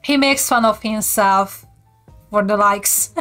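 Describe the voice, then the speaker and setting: A woman's voice: mid-range voice, slow pace, a bit bright, faint music behind. A woman from Hungary, speaking with a Hungarian accent, chatty and giggling often as she teaches viewers on a casual live stream.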